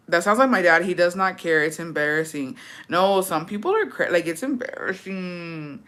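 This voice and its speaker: A young woman livestreamer tells stories in casual chat, chatty and profane, mixing in Spanish words. Her voice is fairly low in pitch with a fairly bright tone.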